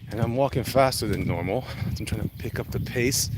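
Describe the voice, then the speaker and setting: Out on a brisk neighborhood walk, this comic artist keeps up loose live-stream chatter in a mid-range voice, somewhat breathless. There's noise behind him as he rambles, reads off chat names, and greets each viewer.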